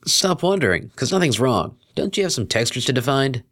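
A man's voice: medium pitch, sing-song, a little fast, a bit bright, pitched above the performer's own voice. A man voicing a moody young female unicorn DJ, blunt and sarcastic, in a fan fiction reading.

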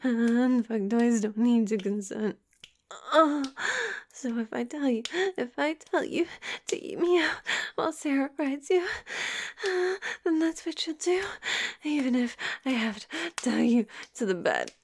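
A woman playing a slow, high-voiced teasing mistress, whispered role-play. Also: expressive, slight background noise. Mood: teasing, domineering. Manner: teasing, breathy murmurs and whispers. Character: domineering, teasing young woman lover.

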